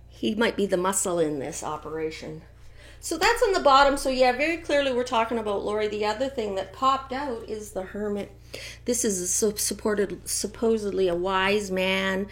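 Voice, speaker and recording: A middle-aged woman giving a chatty, gossipy tarot reading with animated asides. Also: medium pitch. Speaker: tarot reader. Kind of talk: casual tarot reading commentary.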